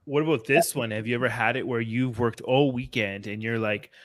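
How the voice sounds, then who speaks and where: A man's voice: medium pitch, a little fast. A man chatting casually as a podcast co-host, telling stories animatedly and acting out what others say. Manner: animated storyteller, acts out quotes. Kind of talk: casual chat.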